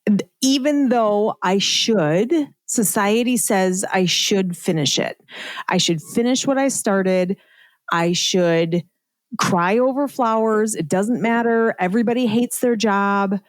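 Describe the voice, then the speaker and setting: A woman's voice: medium pitch, slow pace, no echo. Middle-aged lady on a podcast, chatty, lots of "like" and "right?", mid voice, dry sound. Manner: chatty, frequent "like" and "right?", laughs at herself. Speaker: podcast guest, entrepreneur. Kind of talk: casual interview storytelling.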